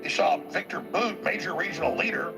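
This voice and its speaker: A man's voice: high voice, brisk, gravelly, over music. A man hosting a talk show, delivering a rambling, emphatic political monologue and repeating words as he presses each point.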